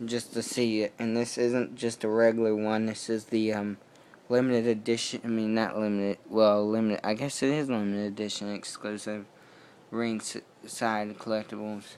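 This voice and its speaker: Young guy rambling thru a toy review at home, low flat voice, slow. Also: slight background noise. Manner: rambling, loose and unscripted, with many fillers. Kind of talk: casual video toy review.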